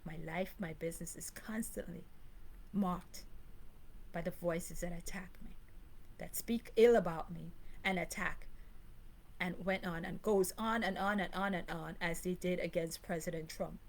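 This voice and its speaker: A Grenadian woman hosts a live monologue on her channel, speaking emphatically, repeating herself often and breaking into short laughs. Her voice is fairly low and steady, her pace a little slow, and the audio quality is poor.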